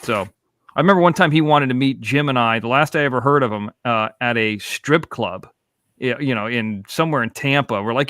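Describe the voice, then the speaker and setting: A man's voice: medium pitch, fairly quick, sharp tone, no room sound, studio quality. A man in his forties from Florida, a podcast host telling rambling, profane stories in casual chat. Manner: rambling, profane, laid-back.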